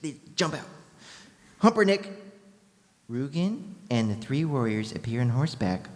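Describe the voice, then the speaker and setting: A narrator reads stage directions in a lively, casual voice and adds joking asides. The voice carries a long echo from the large convention hall. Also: mid-range voice, a little slow. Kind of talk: live stage reading of a parody script.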